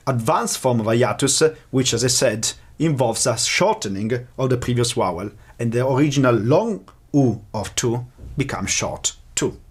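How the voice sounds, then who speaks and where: A man lecturing in a measured, explanatory way, slowing down to pronounce example words. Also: medium pitch, slightly rough. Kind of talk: academic lecture.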